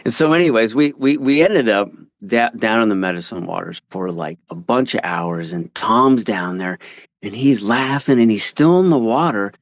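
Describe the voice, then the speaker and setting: A man's voice: on the low side, expressive, no echo. Rambling man on a dull call line. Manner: rambling, halting, many restarts. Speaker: caller sharing a story. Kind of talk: casual storytelling. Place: outdoors. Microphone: call audio.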